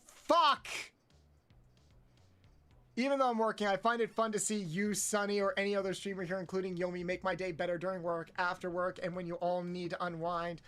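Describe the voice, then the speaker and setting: A man streaming a game, counting aloud, swearing often and yelping high when frustrated. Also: little pitch movement, fast, hardly any pauses. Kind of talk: casual live-stream chat while playing.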